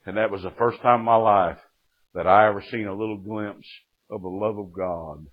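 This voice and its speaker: Fervent preacher, tinny sound. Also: male voice, on the low side, steady tone, normal speed. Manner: fervent storytelling, punctuated with "Amen". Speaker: preacher giving testimony. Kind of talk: sermon testimony.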